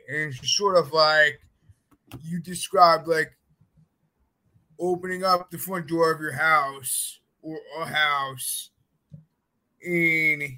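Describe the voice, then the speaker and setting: A man chats loosely, piling up fillers as he spins rambling comic stories. His voice sits a bit high and sounds very bright and forward. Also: low-quality recording. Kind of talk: casual podcast chat.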